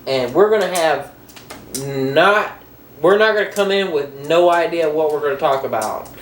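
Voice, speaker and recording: A man's voice: fairly high pitch, moderate pace. A man hosting a casual podcast, rambling through a silly story and laughing as he tells it. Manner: giggly, breaks into laughter mid-story. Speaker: podcast host. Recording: echoey room from far off, faint noise.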